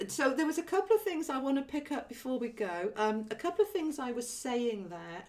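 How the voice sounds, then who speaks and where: A woman's voice: medium pitch, recorded from a distance. Woman, casual livestream host, chatty with many ums, a little away from the mic. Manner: relaxed, chatty, many ums, reads viewer comments aloud. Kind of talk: casual spiritual livestream chat.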